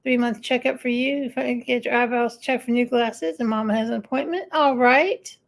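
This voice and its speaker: A woman's voice: a little high, steady tone, a little fast, creaky. A woman hosting a casual live-stream chat, rambling and answering viewer comments. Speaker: livestream host.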